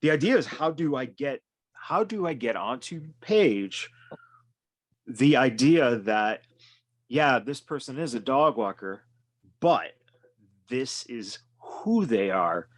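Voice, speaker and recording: A man's voice: mid-range voice, lively intonation, slow pace, dry recording. A man hosting a podcast in casual conversation, talking in a loose, rambling way and swearing freely. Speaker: podcast host.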